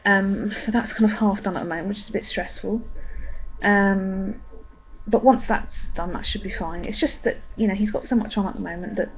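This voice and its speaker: A young woman chatting in a rambling way with many pauses and ums. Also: mid-range voice, highs cut off, a little hiss or hum. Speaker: vlogger. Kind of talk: casual pregnancy update vlog.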